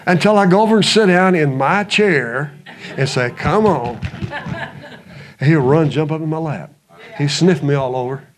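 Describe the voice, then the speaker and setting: A man preaching a folksy sermon, telling a homespun story with chuckles and easing into a soft, hushed close. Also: fairly high pitch, moderate pace, a crowd in the background. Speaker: pastor.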